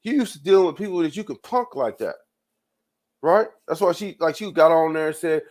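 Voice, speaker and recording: A man's voice: on the high side, expressive, fairly quick, a little mellow. A man hosting his own show, ranting in loose commentary with frequent profanity, repeated words and laughs. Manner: rambling, profane, repeats himself, laughs often. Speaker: show host.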